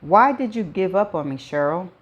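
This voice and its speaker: Woman reading a driven, grieving man, urgent and pleading, storybook read-aloud, low voice. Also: normal speed, muffled recording, lightly acted. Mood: desperate.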